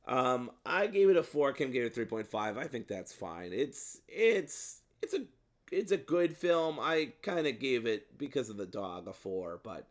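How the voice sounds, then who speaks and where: A man's voice: mid-range voice, big pitch swings, a little slow. A man co-hosting a casual movie review chat, rambling with lots of ums and some playful swearing. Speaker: podcast co-host.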